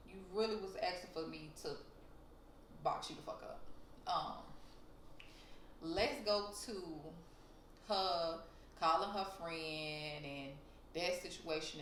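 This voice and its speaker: A young woman with a slightly low voice retells a story in blunt, profane, heated bursts. The sound is roomy and echoey. There is a faint noise underneath. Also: fairly bright tone. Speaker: storytime vlogger. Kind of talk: casual storytelling to camera. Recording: roomy echo.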